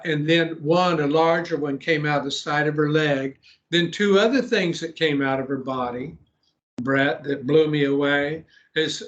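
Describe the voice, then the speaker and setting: A man with a somewhat high voice tells a long story as a guest pastor in an interview. He speaks earnestly, clears his throat often, and restarts his sentences. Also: a bit bright, lo-fi sound.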